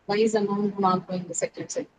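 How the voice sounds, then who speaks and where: Woman English teacher, online class; methodical, question-and-answer delivery, repeats key words, steady hiss behind. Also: mid-range voice, fast talker. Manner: explains step by step, asks questions then answers them. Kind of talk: online pronunciation lesson. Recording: steady background noise.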